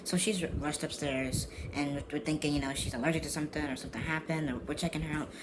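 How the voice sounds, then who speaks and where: A young male vlogger tells a casual story at a quick pace, his fairly high voice keeping a fairly even intonation. He's rambling and slangy, repeating and restarting himself, with constant background noise behind him.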